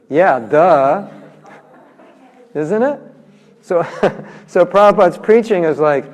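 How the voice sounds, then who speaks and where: A man's voice: on the high side, expressive, slow, long pauses, darkish tone. A man giving a spiritual class, talking in a casual, humorous way and acting out little quotes. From United States. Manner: conversational, humorous, acts out quotes. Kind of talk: lively scripture lecture. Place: large temple hall. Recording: reverberant hall.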